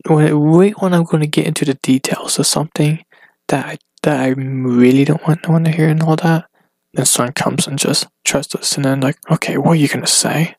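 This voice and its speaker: A man talking alone on his podcast in a rambling, casual way, halting often and restarting his sentences. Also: a little high, steady tone, darkish tone, dry recording. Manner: hesitant, halting, full of restarts and fillers. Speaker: solo podcaster. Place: at home.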